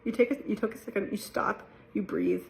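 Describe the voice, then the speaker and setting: A woman's voice: mid-range voice, brisk, a little hiss or hum. Laid-back chatty woman. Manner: relaxed, chatty, laughs often, playful quoted voices. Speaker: mindfulness vlogger. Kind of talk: casual talk to camera.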